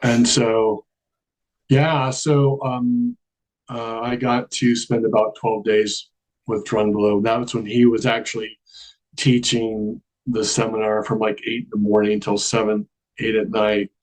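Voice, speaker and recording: A man's voice: on the low side, level tone, unhurried, darkish tone, poor audio. A man telling a long personal story in a casual interview, acting out the dialogue and laughing often. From Charleston area, American South. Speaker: guest.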